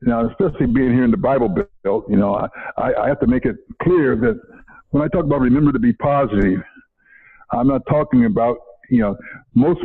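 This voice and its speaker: An older man, a retired educator telling stories in an interview, repeating himself and chuckling. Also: mid-range voice. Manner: rambling, repeats words, chuckles often. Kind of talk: casual interview storytelling. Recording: phone-like narrow audio.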